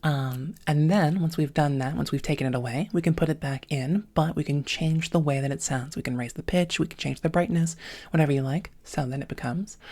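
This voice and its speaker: A woman teaching a voice lesson, with a thin, slightly smoky voice and a touch of vocal fry, talking methodically through each step. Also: sits low, fairly quick, warm tone. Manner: methodical, breaking sounds into parts, with many "um"s. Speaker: voice training coach. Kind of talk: instructional voice lesson.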